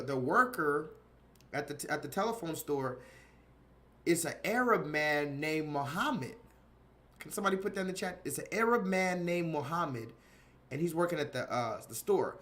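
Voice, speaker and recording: A man's voice: fairly high pitch, a bit bright. A man hosting a casual livestream, rambling and repeating himself while reading out viewers' chat comments. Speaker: livestream host.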